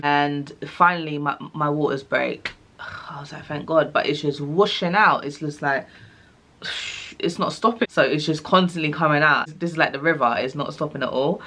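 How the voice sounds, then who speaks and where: In a low-pitched voice at a moderate pace, a young woman shares a personal story with her viewers in a relaxed, vlogger style. She brings it to life by acting out what the people in it said.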